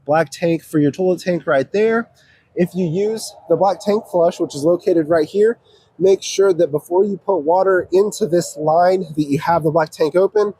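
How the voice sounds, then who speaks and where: A man from an RV dealership walking viewers through a trailer, explaining each control in a steady, practical, step-by-step way. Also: high-pitched, moderate pace, slightly rough. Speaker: RV dealership salesperson giving a walkthrough. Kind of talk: casual walkthrough demonstration. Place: outdoors around an RV, then inside it.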